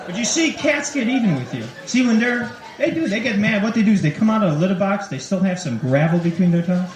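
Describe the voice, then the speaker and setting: A male stand-up comic with a high, bouncing voice that leaps up and down as he acts out bits. The sound comes from a live 1980s club tape, roomy and a little distant, with audience laughter behind him. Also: some chatter behind, slight background noise. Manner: animated, acts out quick voices in jokes. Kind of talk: stand-up comedy set. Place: comedy club stage, 1983.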